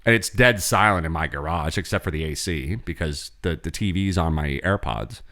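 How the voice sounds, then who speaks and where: A man co-hosting a podcast, telling a long, profane, animated story in casual chat. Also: low voice, moderate pace. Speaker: podcast co-host.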